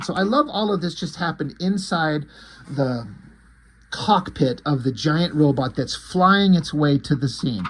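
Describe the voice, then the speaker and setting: Man recapping comics, husky voice, fairly high, excitable and rambly. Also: a little slow. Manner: enthusiastic, rambling retelling. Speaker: comic book reviewer.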